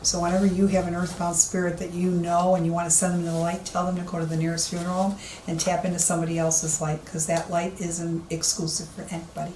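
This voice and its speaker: A woman's voice: lowish voice, little pitch movement, quick pace, darkish tone. Lady medium walking thru an old empty building, keeps repeating herself, echoey. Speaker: psychic medium. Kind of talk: walk-through commentary. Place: empty old police station indoors. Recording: echoey room, faint background hiss.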